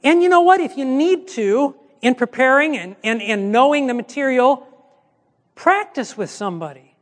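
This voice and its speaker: A male pastor with a notably high-pitched voice teaches in a relaxed, conversational way, slipping into quoted back-and-forth exchanges to make his points. His voice rings out with a long reverb, as if he were speaking in a large hall. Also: normal speed. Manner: conversational, acts out quoted dialogue. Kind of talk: teaching seminar talk.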